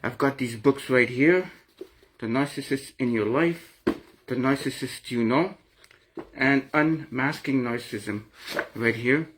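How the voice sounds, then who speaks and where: A man's voice: medium pitch, measured pace, noisy background. A middle-aged man vlogging an earnest, rambling account of his own experience, often repeating and restarting his phrases. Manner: earnest and emotional. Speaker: vlogger sharing personal experience. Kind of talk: personal confessional talk to camera.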